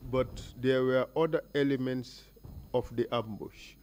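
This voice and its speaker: A man's voice: mid-range voice, steady tone, unhurried, darkish tone. Male counsel, firm and probing, cross-examining a witness at a hearing. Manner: probing, pressing with leading questions. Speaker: lead counsel questioning a witness. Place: hearing room.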